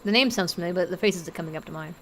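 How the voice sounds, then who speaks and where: A woman streaming a game live, chatty and rambling, thinking out loud and easily moved. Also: on the low side, racing, a little hiss or hum. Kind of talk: live gameplay commentary.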